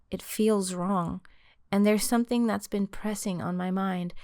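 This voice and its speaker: A woman's voice: mid-range voice, darkish tone, no room sound, clean studio sound. A woman narrating her own book in the first person, in an intimate storytelling manner. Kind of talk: audiobook narration.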